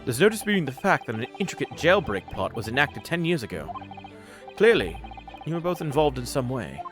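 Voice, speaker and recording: A man's voice: medium pitch, sing-song, brisk, music in the background, close to an everyday voice. A man voicing a cold, threatening young male prosecutor with a cool, cutting delivery. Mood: menacing.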